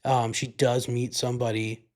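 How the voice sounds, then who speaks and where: A man's voice: medium pitch, little pitch movement, moderate pace, a little mellow. A man hosting a podcast, giving a casual movie review in a rambling, profane way, full of "like" and "you know". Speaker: podcast host.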